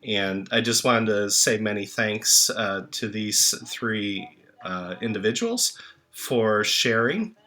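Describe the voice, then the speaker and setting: A man speaking a memorial tribute, slow and halting with many filler pauses, songs playing in the background. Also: fairly low pitch, expressive. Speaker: channel host reading tributes. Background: soft music.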